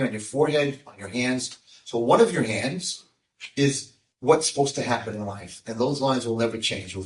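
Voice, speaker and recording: A man's voice: mid-range voice, fairly bright tone. An older man, a rabbi, tells a story to a roomful of listeners. He acts out the voices of the people in it and jokes with the crowd. He is heard from a distance in an echoey hall. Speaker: rabbi giving a talk. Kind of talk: storytelling talk to an audience. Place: lecture room with audience. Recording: echoey room, mic at a distance.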